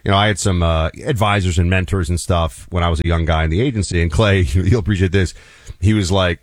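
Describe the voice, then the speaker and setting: A man in his forties talking on a radio show, his voice on the low side. He chats casually and tells stories with emphatic asides. The studio sound is close and dry. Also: steady tone, fast, dry recording. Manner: conversational, storytelling, emphatic asides. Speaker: radio talk show co-host. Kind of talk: casual political talk radio.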